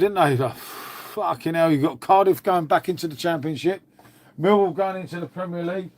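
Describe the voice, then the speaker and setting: A man's voice: fairly high pitch, a little mellow. A man, from England, hosting a casual live stream, rambling and swearing, calling everyone "mate". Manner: rambling, swears a lot, says "mate" constantly. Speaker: livestream host.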